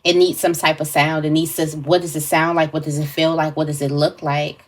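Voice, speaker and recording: A woman's voice: sits low, flat delivery, brisk. A woman giving a casual tarot reading to camera, thinking aloud with fillers and restarts. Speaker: tarot reader.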